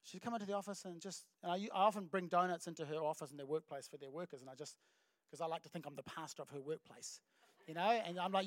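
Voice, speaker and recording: Lively New Zealand pastor preaching. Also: male voice, a little high, fast, no echo. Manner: animated storytelling with acted voices and laughs. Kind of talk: sermon. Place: church stage.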